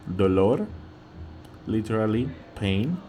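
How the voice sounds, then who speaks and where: A man's voice: on the low side, animated, takes it slowly, mellow, a little hiss or hum. A man with a Mexican accent teaching vocabulary, patiently repeating each word and often checking in with "okay?". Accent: Mexican Spanish. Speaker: Spanish teacher. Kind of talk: slow vocabulary lesson.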